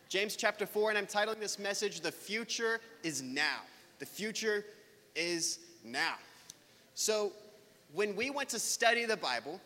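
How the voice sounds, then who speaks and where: A man with a high, bright voice gives a sermon, casual and self-deprecating as he chats with his listeners. His voice rings out with a long reverb through a church hall.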